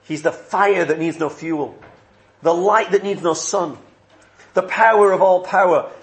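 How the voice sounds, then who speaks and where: Earnest man preaching a sermon. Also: high voice. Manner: earnest, measured, with emphatic repeated phrases.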